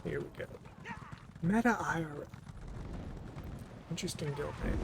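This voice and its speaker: A man's voice: on the high side, moderate pace, creaky, pauses often, background noise. A man giving casual let's play commentary as he games, talking to himself in a jokey, self-mocking way.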